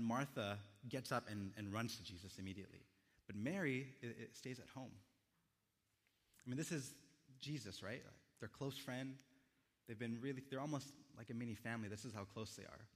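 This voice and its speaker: A young man preaching a sermon as a pastor, in a gentle, reflective storytelling manner with quiet pauses. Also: medium pitch, long reverb tail.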